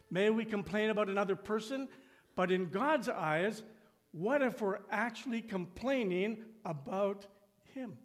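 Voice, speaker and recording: A man with a high, light voice delivers a sermon to his congregation. He slows down and falls to a near hush on the phrases he wants to land, then rises sharply to mimic whiny complaints. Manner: acts out complaining voices with rising pitch. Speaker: pastor.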